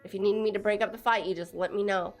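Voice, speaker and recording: A woman's voice: medium pitch, steady tone, quick pace, soft background music. A young woman from Texas chatting casually on a live stream, laughing often and teasing her viewers as she reads their messages. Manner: giggly, teasing, reads chat aloud.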